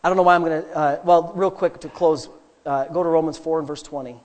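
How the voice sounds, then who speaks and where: A man preaching a sermon, telling stories quietly and then building to loud, fervent preaching. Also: fairly high pitch, fairly even intonation, fast. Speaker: pastor.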